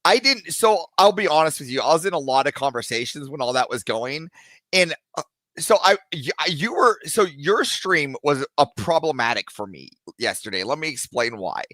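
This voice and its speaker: A man's voice: a little high, lively intonation, moderate pace, bright, forceful tone, no echo. A man calling into a livestream show, chatting casually and rambling with lots of fillers and laughs. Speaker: caller. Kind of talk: casual chat.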